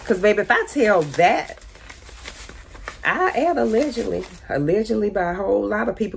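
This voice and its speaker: A woman's voice: medium pitch, animated, normal speed, vocal fry, a little hiss or hum. A woman in her forties telling her side of a painful family story in a candid, pointed, repetitive way, her speech loose and informal. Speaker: speaking out about her ex-husband. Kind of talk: emotional personal testimony.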